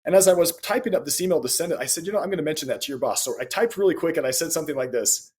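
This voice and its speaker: Higher-pitched man telling a story as a guest. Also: lively intonation, very fast, darkish tone. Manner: anecdotal, acts out quoted dialogue, laughs between points. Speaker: podcast guest, speaker and author. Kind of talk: conversational storytelling in an interview.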